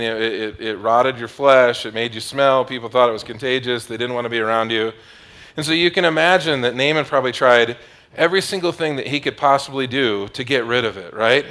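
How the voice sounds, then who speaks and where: Casual joking preacher. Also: male voice, mid-range voice, a bit bright. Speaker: pastor. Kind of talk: sermon.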